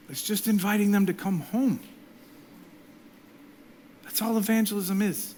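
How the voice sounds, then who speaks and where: A middle-aged male pastor preaching a sermon, swinging from loud, impassioned lines to hushed whispers. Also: high-pitched, steady tone, a little slow, long pauses.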